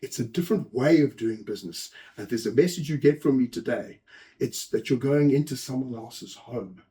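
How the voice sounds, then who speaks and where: A man giving a lively conference talk, telling anecdotes, acting out quoted lines and chatting with the audience. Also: mid-range voice, normal speed. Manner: animated storyteller, acts out quotes, chats with audience. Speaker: host and speaker.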